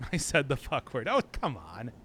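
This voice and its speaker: A man's voice: medium pitch, huge pitch swings, takes it slowly, a bit bright, slight background noise. A man streaming a video game, chatting casually in a rambling, joking way and laughing often. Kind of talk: casual live-stream commentary.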